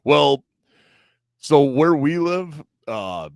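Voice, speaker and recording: A man hosting a podcast, chatting in a relaxed way and laughing easily as he talks over a remote call. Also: fairly high pitch, very slow, vocal fry, dry recording. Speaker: podcast host. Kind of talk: casual podcast chat.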